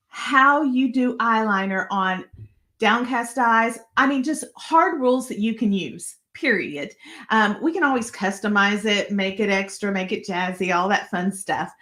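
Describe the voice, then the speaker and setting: A woman demonstrates makeup live, chatting easily and talking directly to her viewers. Her voice sits a little high for a woman, and she keeps the tone friendly and encouraging throughout. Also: a bit bright. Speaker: makeup tutorial host.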